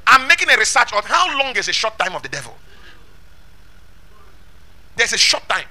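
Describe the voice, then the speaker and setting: A man preaching, his voice very high and ringing bright. He swings up and down in pitch, and he presses each point home with rhetorical questions and shouted scripture. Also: huge pitch swings, moderate pace. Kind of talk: sermon.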